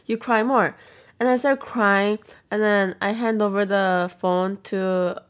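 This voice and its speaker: A woman's voice: mid-range voice, moderate pace. A young adult woman vlogger chatting casually on camera while eating, rambling through a story full of filler words and acting out what others said. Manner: rambling storyteller, acts out quotes.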